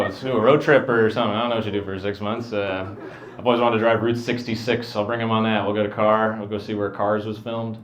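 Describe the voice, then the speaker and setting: A man doing a stand-up set, mumbling in a flat deadpan. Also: fairly low pitch, a little fast, roomy sound. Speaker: stand-up comedian. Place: comedy venue with a live audience. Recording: dull lo-fi live recording with crowd.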